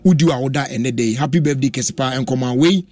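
A young Ghanaian man hosting a radio talk show, talking in an animated, casual way, switching languages and exclaiming often. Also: medium pitch, fairly quick, no room sound.

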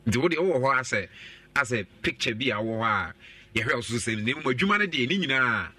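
A man, a co-host on a radio talk show, explaining points in a measured way. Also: mid-range voice, expressive, sharp tone, dry recording.

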